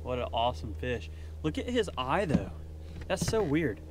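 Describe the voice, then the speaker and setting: A man in a small boat, calling out excitedly to the fish and chatting with his viewers as he goes. His voice sits at an ordinary middle pitch. It was picked up by a chest-mounted action camera outdoors, with a faint hiss behind it. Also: normal speed. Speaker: fishing vlogger. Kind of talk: casual fishing vlog commentary.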